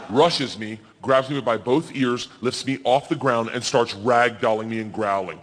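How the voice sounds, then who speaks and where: A man in his forties doing stand-up storytelling, loud and animated, yelling the quoted lines. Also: mid-range voice, normal speed, long reverb tail, a little hiss or hum. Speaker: stand-up comedian. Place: comedy stage.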